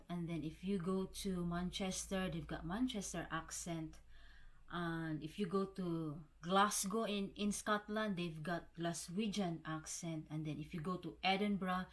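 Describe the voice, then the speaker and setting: A woman from the Philippines chatting casually to camera as a vlogger, calling her viewers guys and often restarting words. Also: fairly low pitch. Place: home in the Scottish Highlands.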